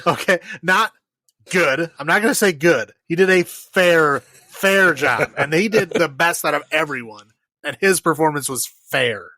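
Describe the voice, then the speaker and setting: A man with a somewhat high voice co-hosts a casual movie podcast, rambling through his points with lots of filler words. He laughs often as he picks the film apart. The sound is dry and close. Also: animated, measured pace, bright, forceful tone, no room sound. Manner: rambling, many fillers, laughs while criticizing. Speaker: podcast co-host. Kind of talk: casual movie review chat.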